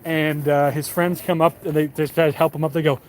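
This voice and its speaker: A man's voice: on the high side, little pitch movement, fairly quick, slight background noise. A young man live streaming while walking a city street at night, chatting casually and profanely with his viewers. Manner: rambling and profane.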